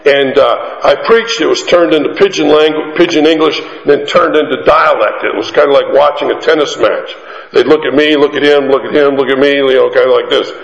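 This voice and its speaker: A man preaching a sermon, telling a mission story with animated, emphatic delivery that climbs to high peaks. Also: vocal fry. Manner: animated, rising to emphatic peaks, drawn-out lines. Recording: echoey hall, muffled sound.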